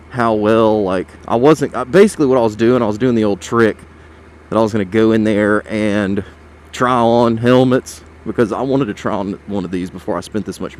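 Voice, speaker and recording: A man's voice: fairly low pitch, poor audio. A man chatting casually and profanely while riding a motorcycle, talking through a helmet mic with lots of fillers. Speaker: motovlogger. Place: on a motorcycle on open roads. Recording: wind and road noise. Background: traffic and engine noise.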